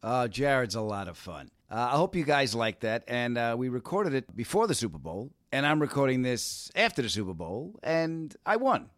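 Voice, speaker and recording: Wry cranky podcast host, dry close sound. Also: male voice, mid-range voice, big pitch swings, moderate pace, few pauses, a bit bright, dry recording. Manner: wry, self-described cranky humor. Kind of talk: casual podcast chat.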